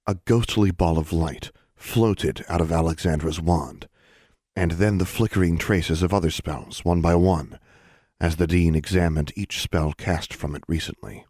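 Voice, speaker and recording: A male narrator reads a story in a steady, even voice. His tone is very low and somewhat husky. The recording is dry and close, with no room around it. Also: normal speed, dry recording. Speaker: audiobook narrator. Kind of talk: scripted narration.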